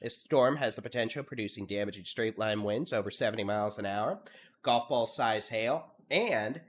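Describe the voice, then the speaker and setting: A man's voice: lowish voice, moderate pace. Texan man calling live storm warnings. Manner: steady briefing cadence, lists place names, at times monotone. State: congested from allergies. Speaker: storm chaser and severe weather streamer. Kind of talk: live weather coverage commentary.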